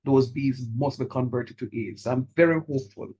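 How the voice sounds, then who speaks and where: A man teaching a calculus class, encouraging his students and repeating key steps slowly so they follow. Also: medium pitch, a little mellow, breathy edge, lo-fi sound. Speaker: calculus lecturer. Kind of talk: online math lecture.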